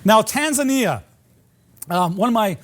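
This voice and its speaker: A male professor lecturing in a hall, his voice sitting high and swinging widely in pitch. He tells travel stories over slides in an animated, storytelling way. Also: measured pace, a little hiss or hum. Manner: animated anecdotes with audience laughter. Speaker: college geography professor giving a lecture.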